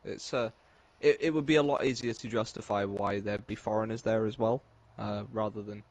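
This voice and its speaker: Gravelly low-voiced English man. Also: steady tone, a little fast. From England. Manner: laid-back, rambling, chuckles often. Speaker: podcaster. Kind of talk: casual chat.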